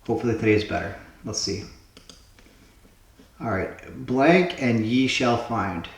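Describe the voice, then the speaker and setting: A man's voice: medium pitch, animated, measured pace, vocal fry. Man thinking aloud in an echoey room. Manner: musing, trial-and-error guessing of answers aloud. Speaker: host playing word puzzles. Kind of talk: casual thinking aloud while solving puzzles. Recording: roomy echo.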